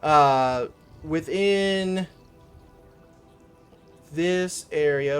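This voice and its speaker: A man running a tabletop game with an unhurried, somewhat high voice. He narrates in a casual, loose way and swears now and then, with faint music playing behind him. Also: expressive, a bit bright. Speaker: game master.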